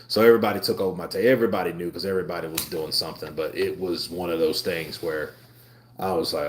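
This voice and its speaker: A low-voiced man in his twenties speaks briskly while hosting a live stream. The talk is casual commentary and loose storytelling, relaxed in tone and full of laughter.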